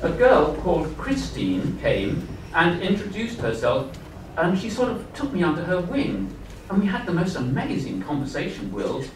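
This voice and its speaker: A man's voice: fairly high pitch, huge pitch swings, moderate pace. A man reading his own first-person story aloud at a live literary event, earnest and confiding. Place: festival event hall. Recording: echoey hall, far mic, background noise.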